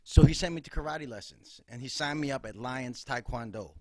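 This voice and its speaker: A man's voice: medium pitch, brisk, darkish tone, dry recording. A man from Chicago, a comedian guest telling loose, profane stories on a podcast. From Chicago, USA. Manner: loose, profane, rambling, punchy. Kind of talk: casual comic storytelling on a podcast.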